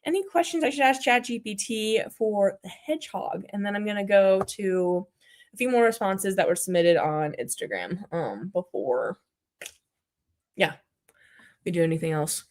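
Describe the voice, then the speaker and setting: A woman's voice: medium pitch, expressive, normal speed. A woman hosting a casual livestream with puppets, chatting, reading comments aloud and muttering to herself while clicking around.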